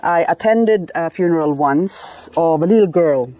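A woman's voice: fairly low pitch, unhurried, mellow. A woman vlogging casually about her succulents and married life, laughing often mid-sentence. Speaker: gardening vlogger. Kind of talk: casual chat to camera.

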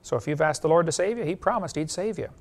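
A male evangelist preaching a sermon, an animated storyteller who laughs at his own jokes and appeals directly to the listener. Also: fairly high pitch, fast.

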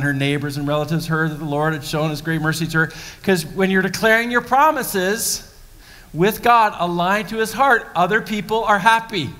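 A man's voice: a little high, pushed and bright. A male pastor preaching a sermon in a conversational, emphatic way. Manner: conversational, emphatic, acting out scenes. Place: church sanctuary. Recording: long reverb of a church hall.

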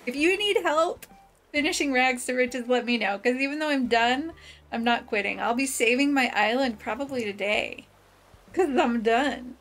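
A woman hosting a let's play, chatting to her viewers in an excitable, bubbly way. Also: high voice, a little slow, faint music behind. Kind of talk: cheerful gameplay commentary.

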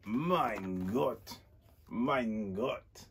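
A man's voice: mid-range voice, sing-song, moderate pace, a little hiss or hum, natural voice. A man doing an earnest German-tinged mutant hero. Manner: put-on German exclamations.

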